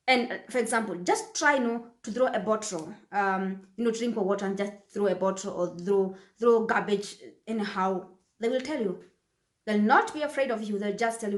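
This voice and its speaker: A woman's voice: a little high, expressive, brisk, roomy sound. A woman from Kenya, talking casually to camera as a vlogger and repeating phrases for emphasis.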